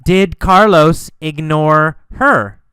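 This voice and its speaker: A man teaching English through a mini story, asking and answering simple questions in a slow, deliberate way. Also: fairly high pitch, bright, forceful tone, clean tone, no echo, studio quality.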